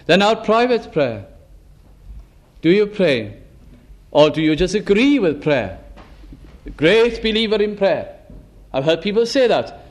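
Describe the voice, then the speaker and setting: Male preacher, high-pitched, earnest, asks pointed questions and sinks to a hush. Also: animated, moderate pace. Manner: earnest, probing rhetorical questions, drops to a hush. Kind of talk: sermon.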